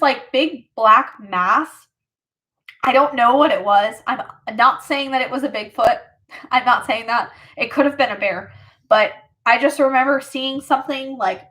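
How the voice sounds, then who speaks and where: A woman's voice: fairly high pitch, fairly bright tone. A woman livestreamer telling stories in casual chat, rambling with many fillers and laughs.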